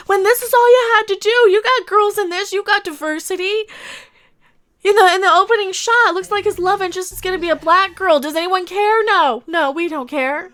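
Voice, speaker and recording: A woman's voice: very high-pitched, moderate pace, fairly bright tone. A woman hosting a livestream, reacting to a trailer and ranting emotionally, swearing and laughing between lines.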